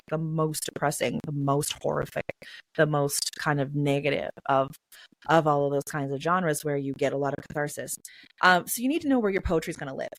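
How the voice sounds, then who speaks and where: A woman guest in an interview, explaining in a chatty, animated way with many filler phrases. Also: deep voice, no echo, low-quality recording. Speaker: poetry reader and performer, interview guest.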